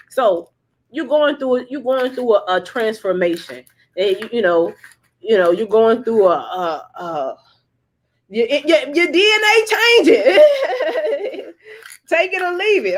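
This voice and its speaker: Woman, tarot reader, casual livestream chat, swears freely, laughs a lot, repeats lines for emphasis. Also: lowish voice. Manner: profane, rambling, laughs often; emphatic, repeats herself for effect.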